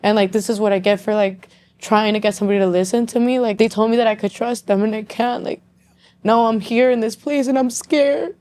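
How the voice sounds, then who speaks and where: A woman's voice: mid-range voice, steady tone, a little fast, darkish tone. Young woman telling a candid personal story. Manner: candid, swears often, says "like" constantly. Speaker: podcast guest.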